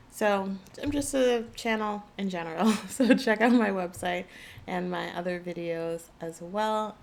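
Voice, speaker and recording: A woman giving a soft, soothing channeled spiritual reading, with a gravelly morning voice. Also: on the low side, slight background noise. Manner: slow, soft and soothing, gentle guidance. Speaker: intuitive reader. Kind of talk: channeled tarot-style reading.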